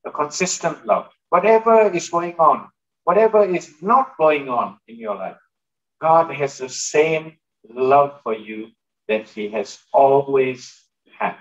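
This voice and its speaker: A man's voice: fairly high pitch, expressive, takes it slowly, muffled recording. A male pastor giving a sermon in a conversational way, turning to the congregation with asides and questions. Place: church hall.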